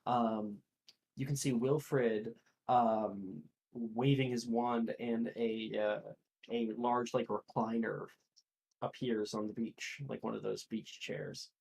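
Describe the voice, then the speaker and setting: A game master narrating a tabletop role-playing game, halting and filled with ums, uhs and likes. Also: mid-range voice, steady tone, creaky, a little mellow, low-quality recording.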